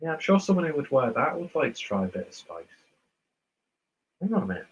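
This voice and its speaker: A man's voice: a little high, big pitch swings, brisk, lo-fi sound, slight background noise. A man from northern England with a posh southern English accent, rambling casually through viewer comments as host of a beer livestream. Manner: rambling, self-mocking, chatty. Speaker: beer reviewer streaming host.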